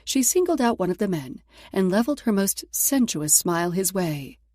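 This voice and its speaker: Woman narrating an audiobook, mellow warm voice, dry close sound. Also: medium pitch, very animated, normal speed, dry recording. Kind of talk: scripted narration.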